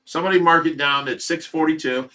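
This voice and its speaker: A man's voice: fairly high pitch, steady tone, quick pace, sharp tone. A man hosting a livestream, giving an earnest, emotional personal update in a rambling, casual way. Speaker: livestream host of a fish rescue.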